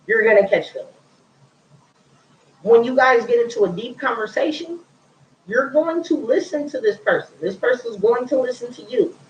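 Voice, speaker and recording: A woman's voice: fairly high pitch, lively intonation, normal speed, slight background noise. A woman talking candidly and bluntly about her life in casual storytelling, repeating herself and using slang. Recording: roomy, distant, dull lo-fi sound.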